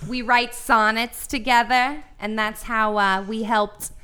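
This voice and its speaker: A woman playing a slow, crisp firefighter's wife. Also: a little high, fairly even intonation, bright, forceful tone. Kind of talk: improv comedy scene.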